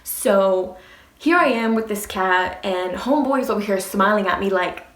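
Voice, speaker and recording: A young woman vlogger telling a casual storytime, animated and swearing freely as she acts out what people said. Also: medium pitch, unhurried, roomy sound.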